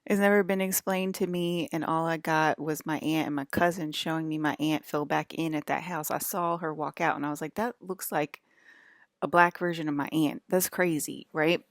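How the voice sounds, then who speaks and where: Woman, Southern accent, low voice, rambling vlog monologue, dry close sound. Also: steady tone, moderate pace, no echo. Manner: rambling, swearing, paranoid asides. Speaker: vlogger.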